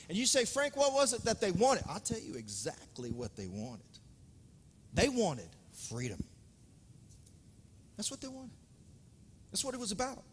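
A man preaching a sermon with dramatic swings between loud emphasis and hushed asides. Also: sits high, slightly rough. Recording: reverberant hall, speaker off-mic at times.

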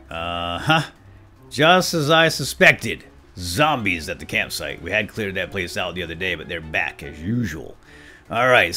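Male let's-play host, playful self-talk commentary, very lively pitch, light music bed. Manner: goofy, talks to himself and his vehicle, sudden excited yelps.

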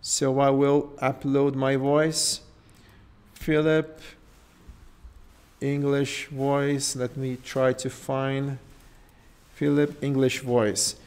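A man with a Portuguese accent walks through a live tutorial at a slow, unhurried pace, his pitch sitting in an ordinary middle range. He talks his steps through aloud, checking in with listeners with "okay?" and "right?" as he goes. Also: flat delivery, darkish tone, clear, resonant tone. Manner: thinks aloud, tags phrases with "okay?" and "right?". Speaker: host. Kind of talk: live screen-share tutorial.

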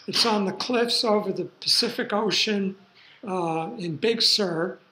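An older man lectures at a slow, unhurried pace, drifting into relaxed asides. His voice sits fairly high for a man. The sound is roomy, as if recorded in a lecture hall. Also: slight background noise. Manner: rambling, relaxed asides with fillers. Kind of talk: university lecture.

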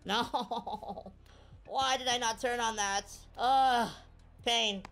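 A woman's voice: a little high, extremely slow, faint music behind. A woman giving live video game commentary, cheering and groaning at every play. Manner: excitable, cheers and groans at plays. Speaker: gaming streamer.

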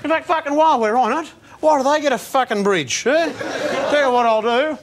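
A man with an Australian accent playing a foul-mouthed, rough middle-aged ex-crook turned weatherman, swearing nonstop and throwing in jeering asides. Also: very high voice, brisk, crowd noise. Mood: rowdy. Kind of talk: comedy sketch. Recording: loud live audience laughter and noise.

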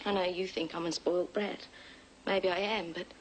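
A woman's voice: on the low side, steady tone, moderate pace, slight background noise, close to an everyday voice, rough recording. An actress playing an earnest, pleading young woman in the style of 1980s TV soap acting.

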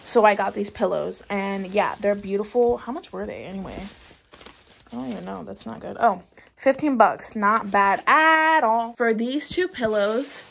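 A woman's voice: medium pitch, lively intonation, normal speed, creaky, fairly bright tone, husky. A woman in her twenties talking casually at home to her camera, bubbly and chatty, with lots of "like" and "literally". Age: 20s. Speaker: vlogger. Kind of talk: casual chat.

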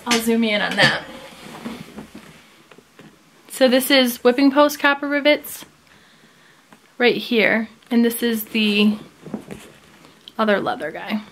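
A woman talks through a leather bag story in a casual, chatty way. Her voice sits on the higher side. She acts out the back-and-forth with the people involved as she goes. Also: a little hiss or hum. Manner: chatty, animated storytelling with quoted dialogue.

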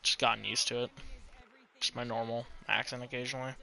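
Young American male streamer with a bright, forceful tone for casual game talk, chatty and foul-mouthed, on a desk mic. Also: medium pitch, level tone, a little fast, creaky. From United States. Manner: chatty, swears freely, laughs at his own jokes. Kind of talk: casual gaming commentary.

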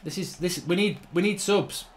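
A male channel host gives live gameplay commentary, ranting in exasperation and swearing a lot as he swings from low mutters to shouts. He talks at a moderate pace, with a little hiss or hum on the recording.

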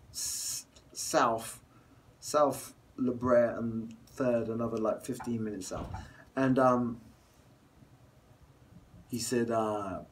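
A man's voice: medium pitch, far from the mic, slight background noise, rough recording. A man with a London accent, a guest actor talking earnestly in a casual interview and laughing easily. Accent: London English. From England.

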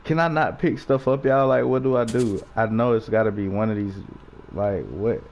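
A man's voice: fairly low pitch, moderate pace, a little mellow, a little hiss or hum. A young man giving jumpy, swearing let's-play commentary with nervous laughter while playing a horror game. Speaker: gaming YouTuber.

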